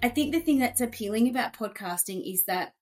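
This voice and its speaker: A woman's voice: a little high, expressive, fairly quick, faint music behind. A woman hosting a podcast in a chatty, upbeat way, full of fillers and asides. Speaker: podcast host. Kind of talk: casual chat.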